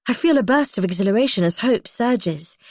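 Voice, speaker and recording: A woman's voice: mid-range voice, expressive, a little fast, a little mellow, no echo, studio quality. A woman reading a first-person thriller audiobook as an introspective, anxious inner monologue. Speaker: audiobook narrator.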